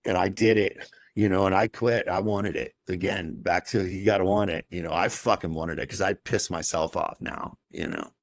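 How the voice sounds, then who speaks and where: A man's voice: deep voice, steady tone, moderate pace, a little hiss or hum. A man as a podcast guest, telling his personal story in a raw, emotional way and swearing heavily.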